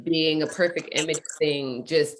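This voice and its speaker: A young adult woman, a guest in casual conversation, telling a story in animated, quick bursts. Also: low voice, slight background noise.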